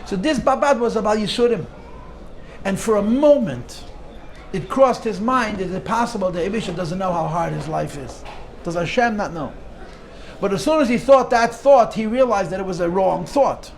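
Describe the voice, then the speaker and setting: A man teaching an informal Torah class as a rabbi, an animated storyteller who restarts phrases often and sprinkles in Yiddish and Hebrew terms. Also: high voice, moderate pace, a little hiss or hum.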